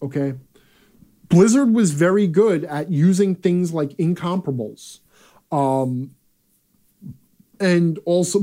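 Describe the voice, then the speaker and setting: Blunt potty-mouthed guy hosting a live chat, rambly, a bit high-pitched. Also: dark tone. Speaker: host.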